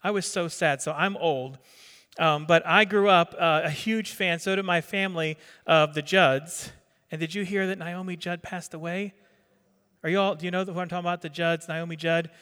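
Middle-aged male pastor from New Jersey, high chatty sermon voice, reverberant hall. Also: fairly even intonation, moderate pace, pushed and bright, smooth. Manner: conversational, quizzes the congregation, repeats words.

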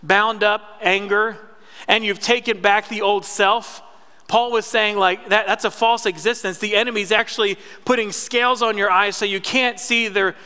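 Male pastor, high bright clear voice, conversational sermon, reverberant sanctuary. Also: steady tone, moderate pace. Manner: conversational preaching with audience call-and-response. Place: church sanctuary. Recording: long church reverb.

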